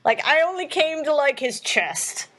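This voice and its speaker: A woman's voice: high voice, sing-song, unhurried, a bit bright. A young woman hosting a casual chat, rambling along with many fillers as she tells stories. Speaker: host.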